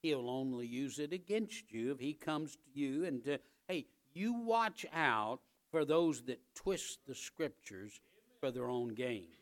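A male pastor preaching a sermon in church, emphatic and repetitive, building up to loud, driving peaks. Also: on the high side.

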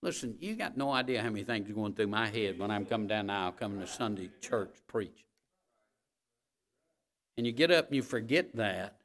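Male pastor, bright edge, emphatic and folksy, repeats his points for weight. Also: animated, fairly quick. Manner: emphatic, repeats key phrases, swings between loud and low; folksy, addresses the congregation directly. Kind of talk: sermon.

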